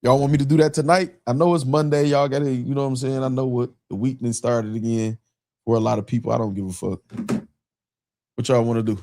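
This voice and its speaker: A man's voice: mid-range voice, fairly even intonation, fast, darkish tone. A man hosting a casual livestream, talking loosely to his chat, repeating himself and laughing often. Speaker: livestream host.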